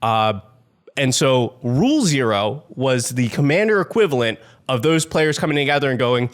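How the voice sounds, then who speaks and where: A man co-hosting a casual comedic chat, jokey and playful and quick to laugh. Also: medium pitch, lively intonation. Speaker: podcast co-host.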